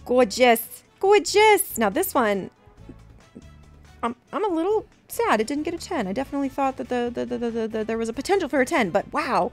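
A woman vlogger gushes and gasps, her fairly high voice leaping up and down with excitement. She repeats her happy exclamations and chats to viewers casually. Faint music runs underneath. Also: a little fast. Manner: gushing, gasping, repeats herself. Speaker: card collecting vlogger. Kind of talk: excited unboxing chat.

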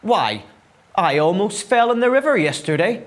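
A man voicing a stomping, fed-up cow who speaks in a slow, drawn-out way. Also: high-pitched, big pitch swings, voice pushed up.

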